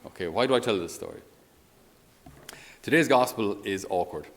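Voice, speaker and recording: Irish man, priest, low voice, conversational homily, animated storytelling, frequent chuckles.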